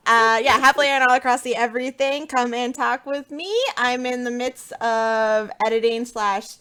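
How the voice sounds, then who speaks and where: A woman's voice: a little high, fairly even intonation, normal speed, sharp tone, smooth. Giggly woman hosting a casual podcast. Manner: giggly, chatty, lots of um and uh. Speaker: podcast host. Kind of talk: casual chat.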